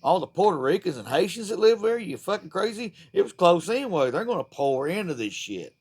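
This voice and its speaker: A man's voice: sits high, big pitch swings, a little fast, darkish tone, breathy edge. A man delivering a profane, fired-up, rambling political rant to the camera. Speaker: vlogger.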